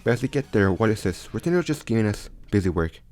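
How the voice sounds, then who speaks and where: Guy making up a fan story as he goes, lowish voice, keeps tripping over words, soft music behind. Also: lively intonation. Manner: halting, stumbles and restarts often. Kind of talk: casual improvised narration. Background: faint background music.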